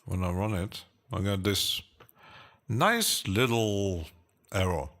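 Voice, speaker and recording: A man's voice: low-pitched, slow, fairly bright tone. A man hosting a casual live stream, chatting hesitantly with lots of fillers and little chuckles as he answers his chat.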